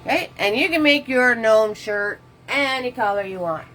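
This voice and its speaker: A woman's voice: a little high, lively intonation, normal speed, fairly bright tone, soft background music, rough recording. A woman giving a casual live painting tutorial, chatting with viewers and walking them through each step. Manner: chatty, answers viewer comments while painting; casual, loose step-by-step instructions. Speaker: painting instructor.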